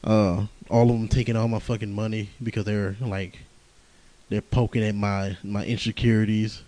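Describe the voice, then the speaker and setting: A man's voice: lowish voice, flat delivery, normal speed, dark tone, no echo, rough recording. Tired, laughing man rambling on a podcast. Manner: profane, laughing, rambling storyteller. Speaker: podcast host. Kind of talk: casual rambling monologue.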